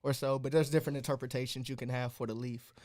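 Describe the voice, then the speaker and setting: A man's voice: medium pitch, fast talker. A man from Texas, a musician guest who explains things steadily and often ends his phrases with "or so". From Texas, USA. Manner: steady, explanatory, says "or so" a lot. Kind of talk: casual interview chat.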